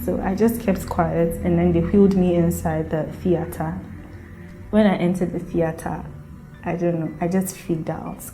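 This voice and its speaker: A young woman from Ghana recounts her birth story in an earnest, emotional way and voices the people in it as she goes. Her voice sits a little low and sounds mellow. Soft music plays faintly behind her. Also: level tone, a little slow. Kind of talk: personal storytelling.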